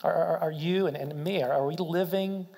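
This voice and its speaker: A man's voice: on the high side, moderate pace, vocal fry, darkish tone, big-room sound. A man preaching a sermon in an earnest way, asking rhetorical questions and often restarting his words. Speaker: pastor.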